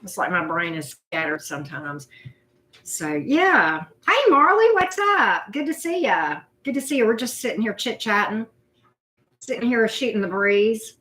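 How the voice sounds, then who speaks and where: A woman's voice: mid-range voice, sing-song, normal speed, a bit bright. A woman, hosting a casual live chat, greeting viewers by name in a loose, self-deprecating way. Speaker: livestream host.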